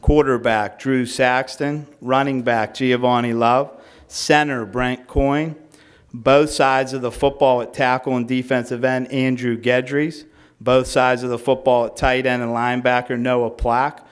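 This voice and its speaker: At a team banquet, a middle-aged high school football coach gives an awards speech. He reads out names slowly, wandering into rambling asides and fillers, and his delivery is flat and smooth.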